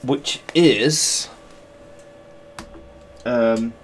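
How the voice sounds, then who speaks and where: A man's voice: medium pitch, drawn-out words, slight background noise. A man on a livestream, rambling and thinking aloud as he sculpts, joking at himself and greeting viewers. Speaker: sculptor streaming his work. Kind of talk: casual livestream chat while working.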